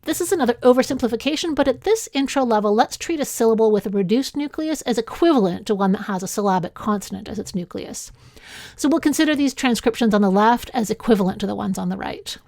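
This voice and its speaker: A woman with a Canadian accent, a linguistics instructor reading a lecture in a clear, measured way, slowing down to sound out example words. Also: on the high side, lively intonation, a little mellow, no room sound, studio quality. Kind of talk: scripted lecture narration.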